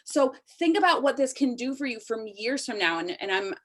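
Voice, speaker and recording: A woman's voice: fairly high pitch, animated, a little fast. A woman in her thirties leading a sales team call, giving an emotional, urgent motivational pep talk over a video call. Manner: emotional, urgent, pleading with listeners.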